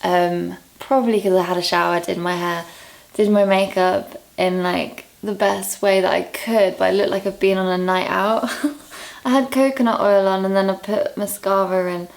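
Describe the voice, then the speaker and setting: A young woman from England talking casually to camera in a vlog, candid and quick to laugh at herself, a little out of breath. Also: mid-range voice, steady tone, creaky. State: out of breath, low on energy. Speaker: vlogger.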